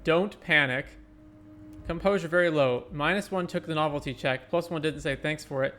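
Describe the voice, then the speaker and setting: Homem jogando e lendo em voz alta. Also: male voice, fairly high pitch, normal speed, a bit bright, slight background noise. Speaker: streamer. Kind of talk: reading game dialogue aloud while playing.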